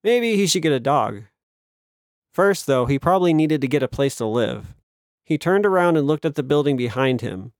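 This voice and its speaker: A male narrator reading a novel in steady, measured storytelling. His voice sits a bit high for a man. The recording is dry and close, with no room sound. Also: no echo. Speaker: audiobook narrator. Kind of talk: scripted narration.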